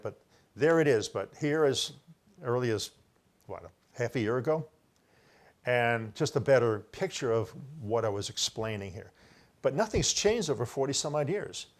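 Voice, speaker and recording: A man's voice: medium pitch, expressive, moderate pace. An older man giving a rambling solo talk, presenting his own research and often correcting himself as he insists he was first with an idea. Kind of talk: solo lecture to camera, showing book pages.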